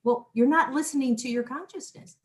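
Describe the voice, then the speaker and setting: A middle-aged woman hosts a spiritual talk show, her voice sitting high and moving a little fast. She chats in a casual, animated way, often restarting sentences and tossing asides to her listeners.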